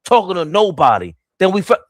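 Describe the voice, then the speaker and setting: A man's voice: high voice, a little fast, no room sound. A young man doing casual live play-by-play on a fan stream, talking straight to the chat. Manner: excitable, voice jumps up when the action heats up.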